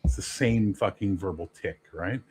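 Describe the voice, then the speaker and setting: A Canadian man in his fifties, a game master chatting as a podcast guest, swearing freely and telling animated stories. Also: low voice, normal speed, husky. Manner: profane, animated storyteller. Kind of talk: casual chat.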